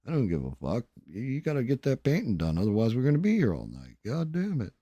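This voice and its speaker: A man voicing an angry, impatient, bossy man who yells and curses. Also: mid-range voice, wildly swooping pitch, fast talker, husky, dry recording, dull audio, voice pushed up. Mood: exasperated yelling. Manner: shouting, cursing.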